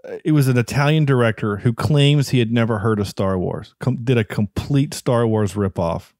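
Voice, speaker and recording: A man's voice: medium pitch, moderate pace, darkish tone, dry recording, clean studio sound. A man hosting a podcast in casual chat, enthusiastic and rambling, with many restarts. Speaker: podcast host.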